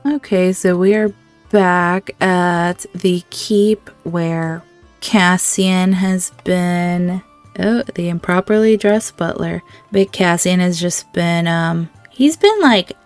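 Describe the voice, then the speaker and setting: A woman's voice: on the low side, slow, a little mellow, soft background music. A young woman giving chatty gameplay commentary, playfully scolding the characters in her game. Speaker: gaming video host.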